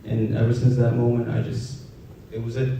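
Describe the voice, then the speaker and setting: Soft-spoken young man, gravelly and far off. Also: completely flat delivery. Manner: halting, soft-spoken, many fillers. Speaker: storyteller. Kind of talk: personal storytelling. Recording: roomy, distant, dull with faint rumble.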